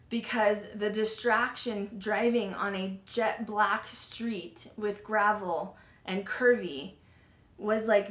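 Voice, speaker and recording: A woman hosting a paranormal podcast, telling her story casually and animatedly, with lots of "like" fillers and some swearing. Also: medium pitch. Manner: animated, filler-heavy retelling with frequent "like" and swearing. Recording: roomy echo.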